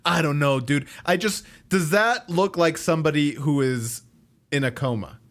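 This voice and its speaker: A man co-hosting a livestream, his voice sitting a little higher than most men's. He chuckles often and reacts with short, quick replies. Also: fairly bright tone. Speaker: co-host of an anime reaction stream. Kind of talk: casual chat.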